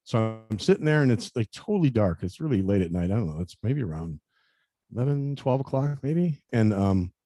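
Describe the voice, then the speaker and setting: A man in his fifties telling a personal story in an interview, earnest and halting, often repeating words and saying "you know". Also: on the low side, animated, mellow, dry recording, studio quality. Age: 50s. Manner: earnest, confessional. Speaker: interview guest.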